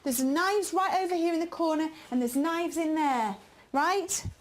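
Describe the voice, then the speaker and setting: A woman's voice: extremely high pitch, unhurried. A woman leading a live paranormal investigation, pleading with spirits to make noises for her. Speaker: lead investigator and presenter. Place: indoors, dark haunted building.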